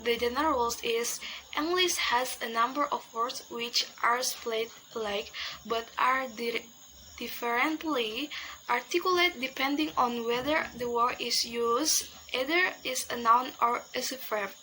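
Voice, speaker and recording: A young woman whose first language is Indonesian, presenting an English pronunciation lesson slowly and haltingly, repeating each example word with many fillers. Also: on the high side, bright, forceful tone, slight background noise, rough recording. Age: young adult. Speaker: student presenter.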